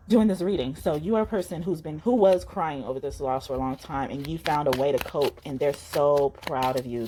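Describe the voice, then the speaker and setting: A woman with a notably low, deep voice gives a casual tarot reading straight to camera. She talks earnestly and affectionately, rambling and often repeating her words. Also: mellow, a little hiss or hum. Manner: affectionate, addressing the viewer directly. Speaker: tarot reader.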